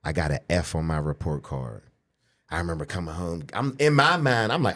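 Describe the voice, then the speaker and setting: Deep-voiced and speaking a little fast, a Pittsburgh-area pro bodybuilder in his forties shares a vulgar childhood story while guesting on a podcast. The storytelling is casual and animated, with him acting out quoted voices. "You know what I'm saying" comes up again and again.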